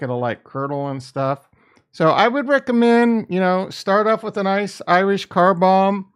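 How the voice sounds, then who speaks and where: A man's voice: on the high side, clean tone. A man streaming live, thinking aloud as he trades crypto, with a rambling, casual and profane manner. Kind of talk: casual livestream chat.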